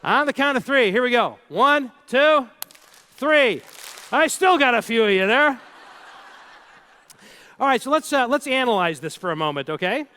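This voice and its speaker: A man's voice: extremely high pitch, animated, moderate pace, pauses often, bright, forceful tone, smooth. A man giving a live keynote talk, telling stories playfully and speaking straight to the audience. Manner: storytelling, playful, engages the audience directly.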